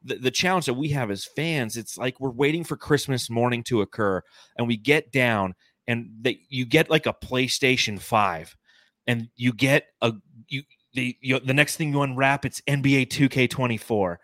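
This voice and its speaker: Bright, dry-sounding male podcast host in his forties, animated and chatty. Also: medium pitch, normal speed, no echo. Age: 40s. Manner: enthusiastic, rambling, animated. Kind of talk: casual sports podcast chat.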